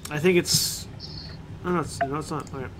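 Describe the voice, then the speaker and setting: A man narrating as game master on a voice call, explaining lore with many pauses and self-corrections. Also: on the high side, steady tone, background noise.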